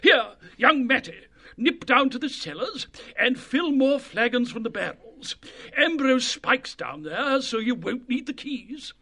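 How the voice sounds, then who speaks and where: A man's voice: very high voice, very animated, measured pace, sharp tone, pitched above the performer's own voice, full character voice. A man voicing a fat, bustling and bossy male mouse cook in an audiobook. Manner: fussy, bossy. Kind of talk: audiobook reading.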